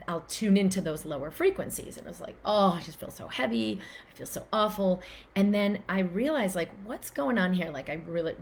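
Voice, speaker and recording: A woman teaching in a casual, animated way, acting out the quoted voices of inner thoughts as she explains. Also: fairly low pitch, a little hiss or hum. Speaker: physician and wellness teacher.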